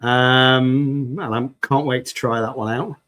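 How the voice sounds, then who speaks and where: A man's voice: medium pitch, steady tone, measured pace, fairly bright tone. A man hosting a resin crafting livestream, chatting casually with viewers in an upbeat, jokey way. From United Kingdom. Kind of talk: casual livestream chat reading viewer comments.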